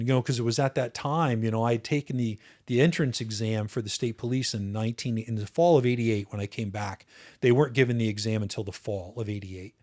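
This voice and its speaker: A man in his fifties speaks as a guest in a relaxed conversation. He looks back earnestly and thoughtfully, stopping and restarting his phrases as he goes. His voice sits at an ordinary middle pitch for a man. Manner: earnest, reflective, frequent restarts. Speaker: podcast guest, retired officer. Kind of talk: casual interview storytelling.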